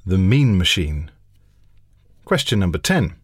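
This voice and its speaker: A man with a low, slightly husky voice hosts a quiz podcast, bantering drily and then reading questions one after another. His pitch rises and falls a lot, and the sound is close and dry with no room around it. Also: sing-song, measured pace, no echo. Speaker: podcast co-host, quizmaster.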